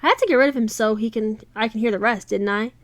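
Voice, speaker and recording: A woman reading aloud, voicing a brash, blunt British woman friend with teasing, loud outbursts. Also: a little high, quick pace, no room sound, lightly acted.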